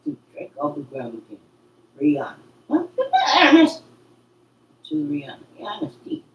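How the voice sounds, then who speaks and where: A woman's voice: a bass voice, sing-song, a little fast, lo-fi sound. A woman chatting loosely between songs at home, swearing casually. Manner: loose, profane banter. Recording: echoey room, voice far from mic, faint background noise.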